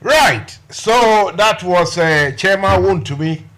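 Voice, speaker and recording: A man hosting a night-time talk radio show in a relaxed, hesitant way. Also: sits high, takes it slowly.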